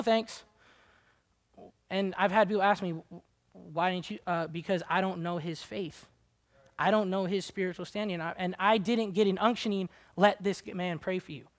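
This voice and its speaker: High-voiced man preaching casually. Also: a bit bright. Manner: earnest, conversational, grows impassioned. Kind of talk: sermon. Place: church.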